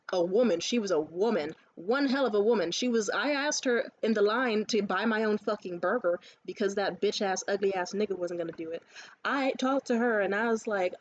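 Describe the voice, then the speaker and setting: A woman ranting casually to the camera, telling stories in a lively, profane way and acting out other people's lines. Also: medium pitch, highs cut off, slight background noise. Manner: animated, profane storytelling; acts out others' lines in quick asides. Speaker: vlogger.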